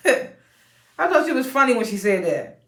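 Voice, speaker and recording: A woman's voice: on the high side, very animated, slow pace, fairly bright tone, reverberant. A woman casually recapping a reality show episode, chatty, laughing often and retelling scenes in quoted voices.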